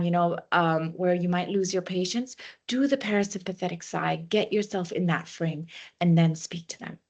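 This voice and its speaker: A woman wellness trainer with a medium-pitched voice gives a workshop talk, leading a breathing exercise. She offers practical advice, peppering it with frequent "you know" fillers.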